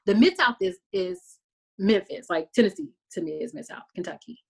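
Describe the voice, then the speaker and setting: A woman from Texas hosting a podcast, retelling TV scenes in an animated, casual way full of fillers. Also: medium pitch, moderate pace, creaky, slightly rough. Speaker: podcast host recapping a TV show. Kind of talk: casual chat.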